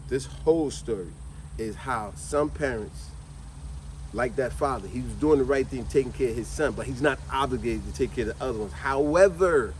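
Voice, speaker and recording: A man, hosting a casual vlog and telling a family story in a lively way. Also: mid-range voice, a little hiss or hum. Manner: lively, animated, laughs while telling. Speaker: vlog host.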